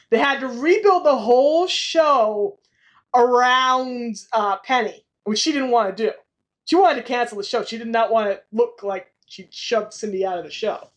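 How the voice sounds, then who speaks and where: A woman hosting a casual podcast, her voice sitting a little high. She laughs often and talks in animated bursts, piling up background trivia. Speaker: podcast host.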